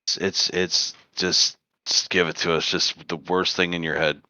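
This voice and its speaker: A man co-hosting a casual podcast, telling a long joke in an animated way with stammered restarts. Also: low voice, measured pace, dry recording. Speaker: podcast co-host. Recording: dull lo-fi dry podcast audio.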